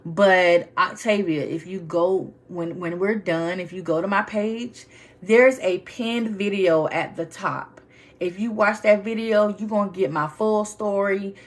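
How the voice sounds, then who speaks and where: A woman's voice: mid-range voice, a bit bright. A woman hosting a casual livestream, talking emphatically and addressing viewers by name. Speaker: livestream host.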